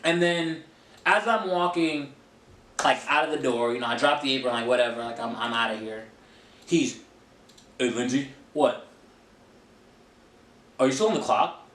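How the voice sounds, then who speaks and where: Young man telling animated stories. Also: mid-range voice, normal speed, long pauses. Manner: animated storytelling, acting out quoted voices. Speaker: podcast co-host. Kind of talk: casual podcast chat. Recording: echoey room with faint noise.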